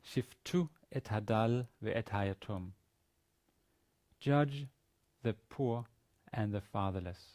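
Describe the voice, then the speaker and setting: A man teaches a university Biblical Hebrew lesson at a slow pace, his voice on the low side and a little mellow. The lecturer's method is to read the Hebrew aloud, translate it, and then explain the grammar step by step.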